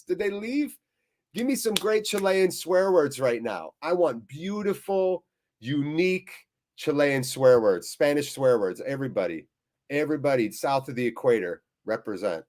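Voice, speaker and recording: A man's voice: a little high, expressive, moderate pace, a little mellow. A man hosting a live fan watchalong, reading viewers' chat aloud with jokey swearing and a weary, deflated tone.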